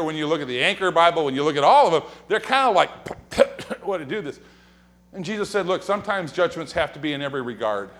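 Funny stories fill this male pastor's sermon in a church sanctuary, complete with acted-out quotes, whispered gossip, and a storyteller's build toward punchlines. He's animated and joking, with a somewhat high voice that rises and falls dramatically.

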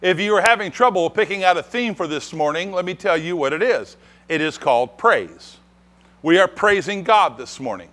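A male pastor delivering a Sunday sermon in a church. His voice is high and bright, and his pitch swings widely as he builds to emphatic lines. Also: normal speed. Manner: animated preaching, rising to emphatic declarations.

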